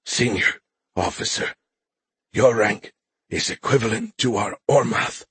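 A man voicing a dying male alien ship commander who speaks in a weak, breathy, halting way. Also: lowish voice, fairly bright tone, dry recording, exaggerated voice. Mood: strained, weak.

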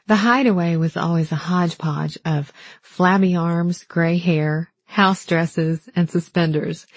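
A woman narrating a first-person novel in a calm, measured, gently wistful way. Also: on the low side, no room sound. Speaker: audiobook narrator.

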